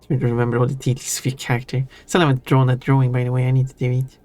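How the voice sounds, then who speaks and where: During a gaming stream, a man with an ordinary male pitch chats casually with viewers, talking very fast in a completely flat delivery. He's rambling and self-amused, restarting and trailing off, with soft music faintly behind him.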